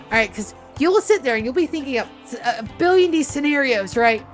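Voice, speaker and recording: Woman streamer, higher register, loose rambling profane storyteller, light music under her. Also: expressive, a little fast. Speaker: streamer and game master. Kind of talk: casual chat while streaming a game.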